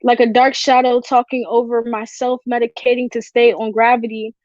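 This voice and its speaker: A woman performing a spoken word poem at an online open mic, with a steady, confessional delivery. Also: a little high, normal speed, no room sound, muffled recording. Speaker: poet. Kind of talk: spoken word poetry reading.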